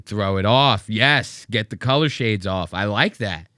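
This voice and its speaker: A man's voice: fairly low pitch, unhurried, bright, forceful tone, no echo, clean studio sound. A man hosting a podcast, joking and rambling profanely while reacting to comedy clips. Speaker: podcast host. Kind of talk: casual reaction commentary.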